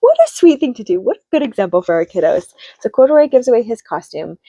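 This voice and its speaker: A woman's voice: fairly high pitch, sing-song, fast, dark tone, dry recording. A woman in her thirties, a homeschooling mom, chatting casually as she retells children's books with an upbeat manner. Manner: chatty and upbeat, retells stories with light laughs. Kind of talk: casual book review. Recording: slightly dull lo-fi sound.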